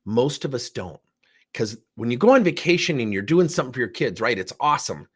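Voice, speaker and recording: Husky middle-aged man telling a story. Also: mid-range voice, a little fast. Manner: animated, acts out dialogue with theatrics. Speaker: coaching trainer. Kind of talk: storytelling in a training session.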